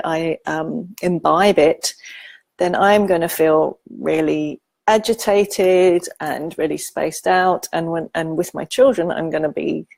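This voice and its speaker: Woman, psychologist, casual teaching talk, emphatic, thinks aloud, low voice, gravelly fry, dry close sound. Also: a little mellow, no room sound. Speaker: psychologist teaching emotional self-care.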